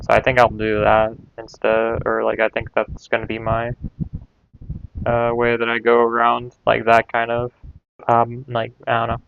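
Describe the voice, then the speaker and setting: A man's voice: medium pitch, completely flat delivery, a little slow, gravelly, clean tone, highs cut off. A man learning a language, thinking aloud in a casual, hesitant way, trailing off and repeating sounds to himself.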